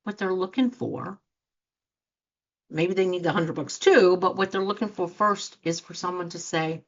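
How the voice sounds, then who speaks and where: A woman's voice: lowish voice, moderate pace. Earnest woman coach, lo-fi sound. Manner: earnest, animated, acts out quoted reactions. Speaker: life coach and show host. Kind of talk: motivational talk to listeners. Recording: dull lo-fi sound.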